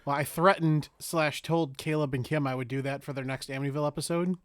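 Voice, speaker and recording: Man with a somewhat higher voice, playful podcast co-host, jokes and teases, dry close mic. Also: fairly even intonation, quick pace, no room sound. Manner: joking, teasing, playful asides. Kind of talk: casual chat.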